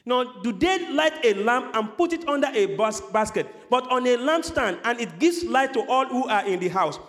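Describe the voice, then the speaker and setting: A male pastor preaching a sermon with passion, his voice climbing into shouts, then leading a prayer. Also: extremely high pitch, lively intonation, moderate pace. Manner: impassioned, rising to shouts. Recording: long hall reverb.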